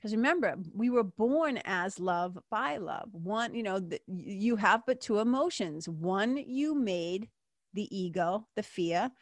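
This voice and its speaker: A chatty woman podcast host talks through a self-help monologue, dotted with fillers, mild swearing and laughs at herself. Her voice sits at a middle pitch and sounds close and dry, with no room around it. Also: animated, a little slow, dry recording.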